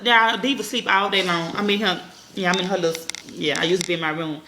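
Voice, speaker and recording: A mother in her thirties telling a story to her viewers, talking fast and bluntly and swearing freely. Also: fairly low pitch, fairly even intonation, bright, forceful tone. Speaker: vlogger, mother. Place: at home. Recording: echoey room, faint noise.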